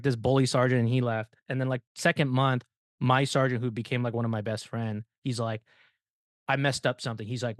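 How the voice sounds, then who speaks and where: A man's voice: medium pitch, no room sound. Young male guest, ranting storyteller, profane and laughing; dead-dry mic. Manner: profane, ranting, laughs while telling stories. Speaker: podcast guest. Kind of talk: casual storytelling.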